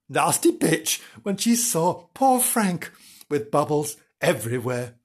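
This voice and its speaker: A storyteller reading a children's story casually, breaking off for wry asides and self-corrections, in a slightly husky voice. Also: mid-range voice, very animated, takes it slowly.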